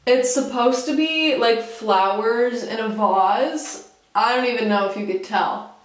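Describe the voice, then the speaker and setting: A young woman with a slightly high voice chats casually to her viewers from her room, full of "like" and "literally" and the odd swear word. She is recorded on the camera's built-in mic, so she sounds a bit distant in a roomy space. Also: measured pace. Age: young adult. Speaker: vlogger. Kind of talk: casual chatty vlog. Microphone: camera mic, no external mic.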